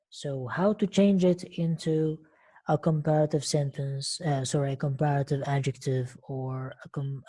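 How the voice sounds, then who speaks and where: Her voice sits low with a dark tone as she teaches English over an online call. Patient throughout, she repeats words and questions so her learners can follow.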